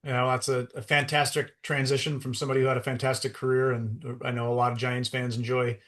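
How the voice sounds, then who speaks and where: A man's voice: mid-range voice, level tone, fairly bright tone. A man hosting a podcast, asking a guest about his career and praising it. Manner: quick, admiring interviewer. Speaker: podcast host. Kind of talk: interview questions.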